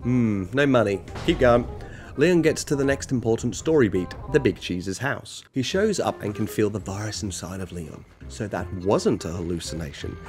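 A man's voice: on the low side, animated, normal speed, hardly any pauses, a little mellow, soft background music. A man casually recapping a video game story, full of jokes and self-mocking asides. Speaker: gaming channel narrator.

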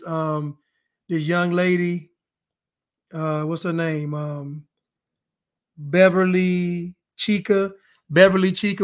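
This man hosts a casual podcast stream, and his voice sits high for a man. He talks loosely and animatedly, jokes around and circles back to the same phrases. He keeps thanking his viewers as he goes. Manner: animated, joking, repeats himself. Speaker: podcast host. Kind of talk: casual live-stream chat.

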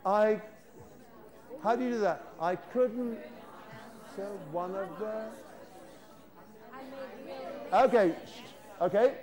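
A man's voice: high-pitched, slow, long pauses, a little mellow, a faint crowd. A British man leading a live workshop, playfully coaxing the audience to repeat lines after him. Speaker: teacher trainer leading a workshop. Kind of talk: live classroom demonstration. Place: lecture hall with an audience.

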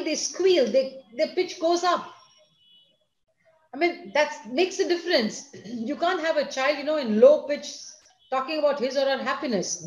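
A woman gives a lecture to students and parents, speaking in a teacherly way. She is expressive and talks straight to her listeners. Her voice sits a little high and carries a roomy echo. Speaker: school principal giving a talk.

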